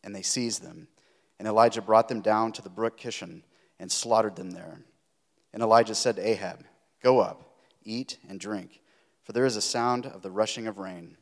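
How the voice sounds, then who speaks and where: A man reading scripture aloud in a church, giving the quoted speech expressive lifts. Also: on the low side, normal speed. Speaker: scripture reader. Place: church sanctuary. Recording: long reverb of a large hall.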